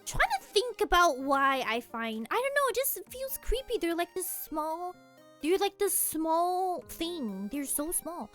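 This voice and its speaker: A woman's voice: very high-pitched, big pitch swings, measured pace, fairly bright tone, soft background music. A young woman streamer in casual chat, giggly and rambling, often laughing at herself. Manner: giggly, rambling, self-deprecating.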